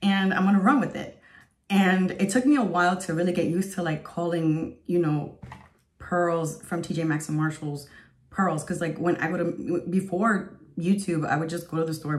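A woman's voice: deep voice, steady tone, moderate pace. A woman in her thirties giving an earnest, emotional spoken testimony as a vlogger, rambling with lots of fillers. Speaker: faith vlogger.

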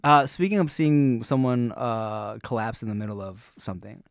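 Man, relaxed podcast talk, slangy, um and uh fillers, dry recording. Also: medium pitch, normal speed, clear, resonant tone, no room sound. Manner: laid-back, chatty, slangy with lots of fillers. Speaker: podcast co-host. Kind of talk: casual chat.

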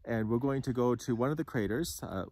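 A man's voice: medium pitch, fairly quick, husky, no room sound. An older man co-hosting a travel vlog on a volcano crater, explaining plainly with small fillers, a little out of breath. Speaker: vlog co-host. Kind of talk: casual chat while hiking. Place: outdoors on a windy volcano crater. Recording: loud outdoor wind noise.

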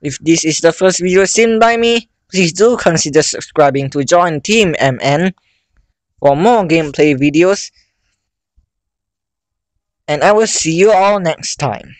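A male let's-play host plays a horror game, breaking into panicked, high-pitched yelps and repeated pleas. Between the cries he drags his words out slowly. The recording is dry and close, with no room sound. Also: no room sound, low-quality recording. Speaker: gaming channel host.

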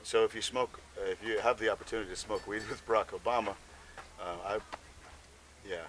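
A man's voice: on the low side, fairly even intonation, a little fast, a bit bright, a little hiss or hum. Rambling, profane man bantering onstage. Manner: rambling, profane, laid-back. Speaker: band frontman. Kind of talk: stage banter between songs at a live gig. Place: outdoor festival campsite. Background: live band music.

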